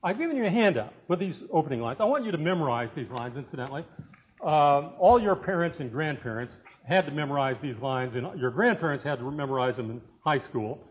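Man in his 60s, professor giving a chatty classroom lecture, slightly high voice, dull lo-fi recording. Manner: conversational, frequent "uh" fillers, asides to students. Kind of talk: university lecture.

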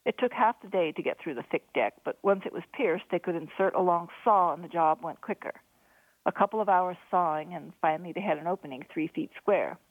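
A woman author reading her own novel aloud in a steady storytelling manner. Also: fairly low pitch, brisk, dry recording. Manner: steady storytelling, lively voices for dialogue. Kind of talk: audiobook narration. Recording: dry, phone-like narrow sound.

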